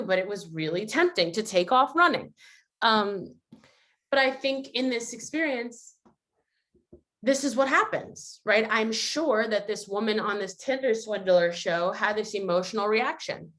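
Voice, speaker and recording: A woman's voice: mid-range voice, a little slow, fairly bright tone. A woman hosting a family video call, talking earnestly and reflectively, and sometimes acting out quotes. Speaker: host. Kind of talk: casual reflective talk.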